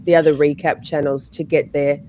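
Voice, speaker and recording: A woman with an Australian accent in casual livestream chat, in her morning voice, hesitant with frequent ums and throat clearing. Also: deep voice, level tone, fairly quick, warm tone, slight background noise. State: morning voice, just woke up. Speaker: guest true-crime streamer.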